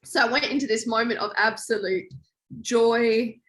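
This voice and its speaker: A young woman guest in a podcast interview, telling a story in a lively way and acting out quoted lines. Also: moderate pace. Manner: animated, acts out quoted lines with big pitch jumps. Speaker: guest, former reality show contestant.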